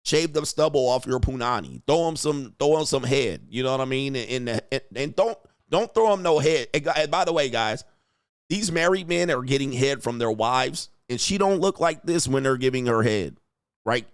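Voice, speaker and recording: A man hosts a livestream, full of crude, slangy banter and frequent laughter. His voice sits in a middle pitch and is recorded close and dry, with no room sound around it. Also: lively intonation, normal speed, smooth, dry recording. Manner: brash, slangy, laughing, acts out mocking voices. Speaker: livestream host. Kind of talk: crude casual livestream commentary.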